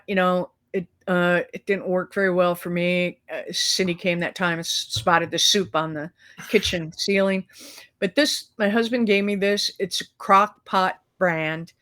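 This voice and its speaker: A woman's voice: mid-range voice, steady tone, a little slow, fairly bright tone. A middle-aged woman co-hosting a live talk show over a video call, chatting casually and rambling with fillers and restarts. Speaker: co-host. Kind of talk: casual chat.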